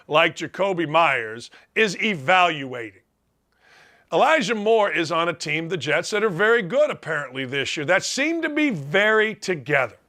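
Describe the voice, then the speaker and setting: Man, middle-aged, sports talk host, sarcastic, brash, high bright voice, animated pitch. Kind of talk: opinionated sports talk monologue.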